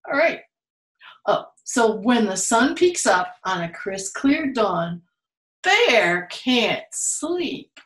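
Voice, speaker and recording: A woman reading a picture book aloud to children at storytime, playful and animated, laughing often. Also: on the high side, drawn-out words, roomy sound, poor audio. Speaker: children's museum storytime reader.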